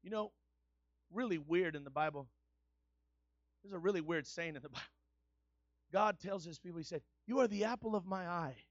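High-voiced preacher, dull sound. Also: male voice, normal speed, long pauses, no echo. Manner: builds to loud, repetitive call-and-response preaching. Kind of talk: sermon.

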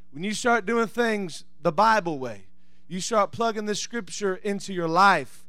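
A pastor with a notably high male voice delivers a sermon, reading scripture softly before building to loud, shouted praise. The sound is dry and close, with no room echo. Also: clear, resonant tone.

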